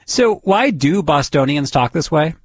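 A man's voice: on the high side, lively intonation, a little slow, no echo. A man reporting a feature story and interviewing people in a curious, conversational way.

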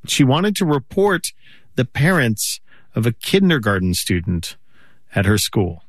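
A man reporter giving calm, explanatory scripted news narration. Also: medium pitch, a little slow, no echo, clean studio sound. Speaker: radio reporter.

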